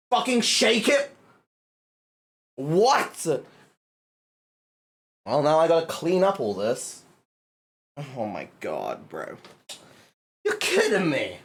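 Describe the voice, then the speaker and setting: A man's voice: high voice, wildly swooping pitch, slow, long pauses, a bit bright. A male livestreamer chatting casually to his viewers, exasperated and swearing a lot as he cleans up.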